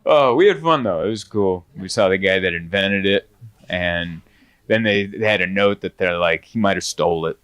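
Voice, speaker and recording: A man performing a stand-up comedy set, animated and swinging into high, exaggerated bits. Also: moderate pace, clean tone.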